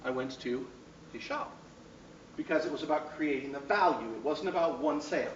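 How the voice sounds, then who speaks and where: Animated man lecturing in a roomy hall. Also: on the high side, normal speed, a little hiss or hum. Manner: animated, bursts into shouted hints. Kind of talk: classroom lecture with anecdotes. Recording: roomy, distant, dull lo-fi sound.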